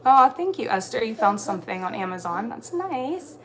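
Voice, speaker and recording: A woman's voice: a little high, big pitch swings, normal speed, a bit bright, a little hiss or hum. Chatty Southern woman on a livestream. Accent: mild Southern US. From Alabama. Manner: chatty, answers viewer comments. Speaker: livestream co-host. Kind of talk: casual livestream chat.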